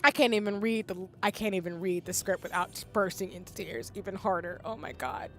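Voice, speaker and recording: A woman's voice: medium pitch, brisk, soft background music. A woman streaming a game and chatting casually, emotional and gushing, breaking into tears. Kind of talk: casual live-stream commentary.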